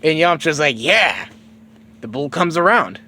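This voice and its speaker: Brief: casual male storyteller, slow and animated, loose and profane. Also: mid-range voice. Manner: rambling, profane, full of fillers.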